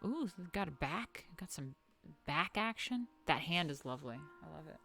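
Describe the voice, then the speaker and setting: Woman rambling thru art history, jokey, cusses a lot, goes quiet to mutter stuff, faint music under her. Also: low voice, lively intonation, moderate pace. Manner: playful, swears freely, mutters asides. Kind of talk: casual art history chat.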